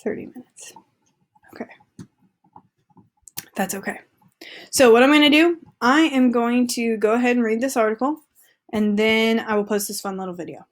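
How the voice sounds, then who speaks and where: A woman's voice: on the high side, a little fast. A woman teacher reading an article aloud to her students in a chatty, upbeat way with casual asides.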